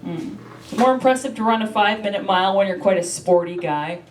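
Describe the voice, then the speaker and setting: A woman's voice: mid-range voice, fairly quick. Woman, stand-up comic, brash, self-mocking, swears a lot, roomy echoing club. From Canada. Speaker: stand-up comedian. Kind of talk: stand-up comedy set. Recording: echoey room from far off, loud noise.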